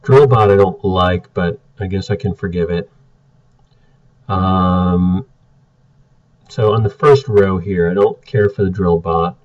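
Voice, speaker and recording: A man's voice: low voice, slow pace, pauses often, darkish tone. A man giving blunt, exasperated casual commentary as he reviews card game decks. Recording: muffled, distant from the mic.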